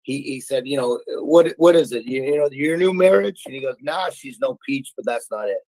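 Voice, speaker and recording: A middle-aged male talk show host telling a personal story with stammers and sudden shouted emphasis. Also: medium pitch, moderate pace, dry recording, low-quality recording.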